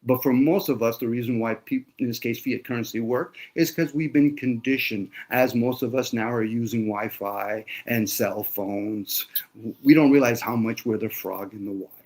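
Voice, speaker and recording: A man's voice: medium pitch, normal speed, a little mellow. A man in a casual conversation, talking bluntly with lots of swearing and sarcasm. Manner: blunt, profane ranting.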